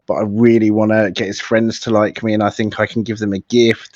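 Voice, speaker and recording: A man's voice: lowish voice, flat delivery, a little fast, hardly any pauses, darkish tone, dry recording, lo-fi sound. A man co-hosting a podcast in casual chat, often laughing and acting out quotes as he retells things. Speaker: podcast co-host.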